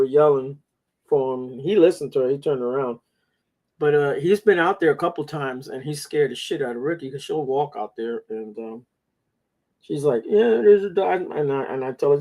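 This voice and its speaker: A man's voice: fairly high pitch, a little mellow. A man telling rambling stories in a casual chat, with coarse slang.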